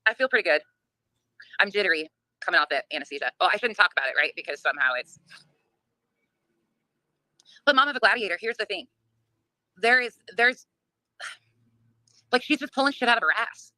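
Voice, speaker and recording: A woman's voice: mid-range voice, lively intonation, brisk, long pauses, pushed and bright, no room sound, studio quality. A woman hosting a livestream, ranting in a blunt, profane, laughing way while reading chat. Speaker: livestream host. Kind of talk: casual livestream rant.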